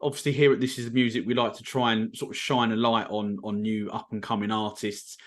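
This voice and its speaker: A man's voice: on the low side, little pitch movement, brisk. A man hosting a podcast, talking casually and hesitantly, with lots of ums. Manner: hesitant, many ums and sort ofs. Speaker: podcast host. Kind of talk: casual interview chat.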